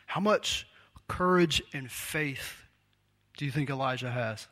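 A man's voice: medium pitch, slow, fairly bright tone. A man preaching a sermon in a conversational, self-deprecating way, laughing often.

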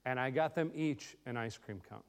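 A middle-aged man, a visiting speaker, telling a family story to a live audience in a relaxed, self-deprecating way, with many ums and direct questions to the listeners. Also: medium pitch, normal speed. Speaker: visiting speaker addressing a congregation.

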